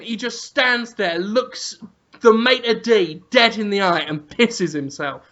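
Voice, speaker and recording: A man's voice: high-pitched, takes it slowly. A man telling an absurd, vulgar comic story as a podcast co-host. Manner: animated, vulgar, deadpan absurd. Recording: dull lo-fi audio.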